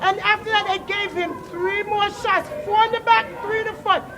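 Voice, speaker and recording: A woman's voice: very high-pitched, steady tone, normal speed, noisy background. A woman speaking at an outdoor protest, grieving and pleading, repeating her words over and over. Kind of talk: impassioned street speech. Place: outdoors on a city street. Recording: loud crowd outdoors. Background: crowd.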